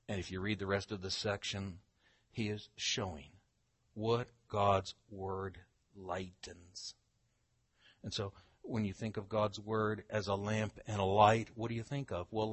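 An older man preaching a Bible-teaching sermon, emphatic, slowing down to read scripture aloud. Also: fairly low pitch, fairly bright tone, dry recording.

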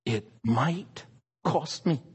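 A male preacher delivering a sermon at an unhurried pace, his voice husky and slightly raised in pitch. He leans hard on single words and swings his intonation widely. The sound carries a long reverb, as in a large hall. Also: expressive. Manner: emphatic, stresses single words.

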